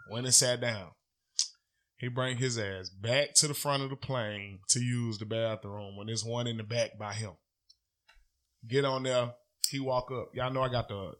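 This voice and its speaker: A man co-hosting a casual podcast, telling a story in a loose, profane and animated way. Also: mid-range voice. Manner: profane, animated storytelling, loud when riled. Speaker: podcast co-host.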